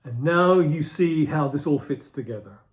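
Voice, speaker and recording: A man's voice: on the high side, normal speed. Man lecturing on ideas, thinking aloud. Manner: thinks aloud, repeats phrases for emphasis. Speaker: philosophy lecturer. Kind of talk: unscripted explanatory lecture.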